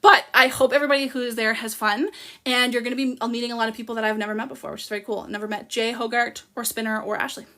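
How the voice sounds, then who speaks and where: A Canadian woman in her thirties chats on her livestream with a high, bright voice. She sounds bubbly and gushing, and she keeps thanking her viewers by name in a casual, chatty way. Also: steady tone, fast. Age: 30s. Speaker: livestream host.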